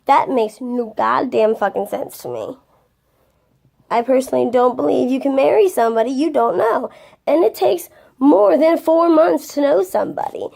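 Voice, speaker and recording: A woman's voice: high voice, moderate pace, vocal fry, mellow. A tired woman in a vlog rant, blunt and profane, swearing heavily as she vents. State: tired, yawning. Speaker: vlogger. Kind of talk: ranting vlog monologue.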